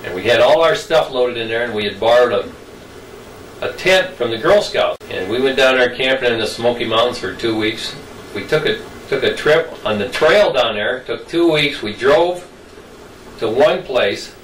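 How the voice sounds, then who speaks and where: A man's voice: mid-range voice, expressive, normal speed. An older man telling childhood stories in a rambling, folksy way. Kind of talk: casual storytelling. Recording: roomy distant mic, faint noise.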